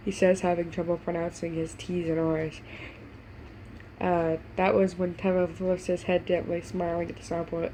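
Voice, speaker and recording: Woman reader, warm mellow voice, slight hiss behind, reads fan fiction with stumbles and voiced lines. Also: lowish voice, level tone, moderate pace, rough recording. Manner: stumbling over words, breaking off to gush; puts on voices for the characters. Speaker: fanfiction reader. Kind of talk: reading fan fiction aloud with reactions.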